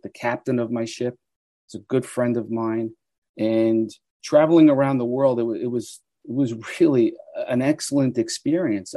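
A man in his sixties from the United States, a guest telling animated stories in an interview. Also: medium pitch, dry recording. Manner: animated storyteller who acts out quoted voices. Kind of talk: storytelling interview.

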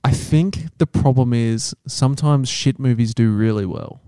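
A man co-hosts a podcast with dry, teasing quips. His voice is dark and mellow at a middle pitch. The room is close and dry. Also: normal speed, clean tone, no room sound. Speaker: podcast co-host. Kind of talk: casual banter.

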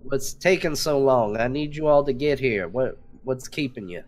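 A man voicing a calm male adventurer who stalls his captors with mild, unhurried talk. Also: mid-range voice, a little hiss or hum, lightly acted. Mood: calling out.

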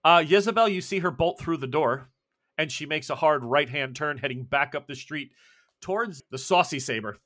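Bright-voiced man running a tabletop game. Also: on the high side. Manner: playful, laughing, quick voices for townsfolk. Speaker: game master.

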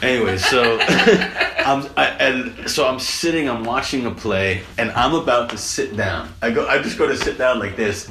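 Excitable guy telling a wild story, super bright voice, echoey room. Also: medium pitch, fairly quick, gravelly. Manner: excitable, acts out voices, swears freely. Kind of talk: animated storytelling chat. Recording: echoey room with faint noise.

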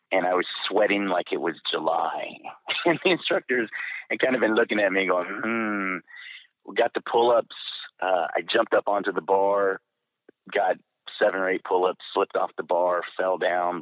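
Middle-aged veteran guest with a deep voice, candid and rambling, on a dry, tinny line. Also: male voice, dry recording. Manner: candid, rambling with fillers and restarts. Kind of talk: storytelling in an interview. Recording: dry, phone-like narrow sound.

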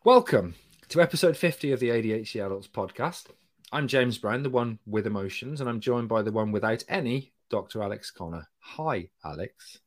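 A man's voice: mid-range voice, lively intonation, moderate pace. Sweary, exasperated man co-hosting. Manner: swears freely, exasperated teasing. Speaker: podcast co-host. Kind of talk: casual podcast banter.

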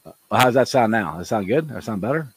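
Animated laughing man hosting a podcast. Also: lowish voice, fast talker, husky, poor audio. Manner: animated, laughs often, loud when excited. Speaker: podcast host. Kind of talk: casual live-stream sports talk. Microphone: home desk mic.

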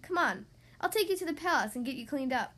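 A woman voicing a courteous young male prince in a storybook reading, close to her own high voice. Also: expressive, fast talker, a bit bright.

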